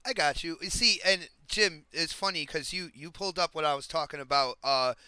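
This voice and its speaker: A man's voice: fairly high pitch, fairly quick, bright, forceful tone, clean tone, dry recording. A man hosting a gaming podcast, loose and joking in casual chat. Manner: loose and joking, laughs easily. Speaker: podcast host.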